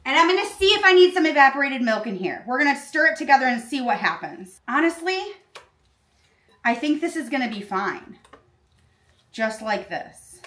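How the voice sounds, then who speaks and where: High, bright, aggressive woman cooking host. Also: roomy sound. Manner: aggressive, deadpan complaining. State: panicking, uncomfortable in a costume. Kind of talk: comedic cooking tutorial. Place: home kitchen.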